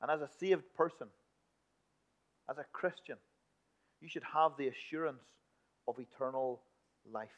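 A man preaching a sermon in a church, emphatic one moment and hushed the next. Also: mid-range voice, measured pace, pauses often. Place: church building. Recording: dull lo-fi recording.

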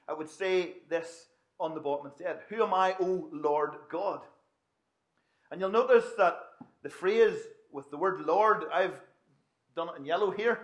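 A man's voice: high-pitched, a bit bright. A man preaching a sermon in a conversational way, with asides and restarts.

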